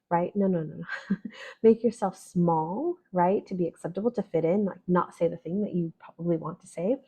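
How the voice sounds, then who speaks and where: Chatty woman astrologer, husky dark voice. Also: on the low side, normal speed. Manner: chatty, frequent "right?" and "like". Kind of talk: casual spoken forecast. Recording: dull lo-fi audio.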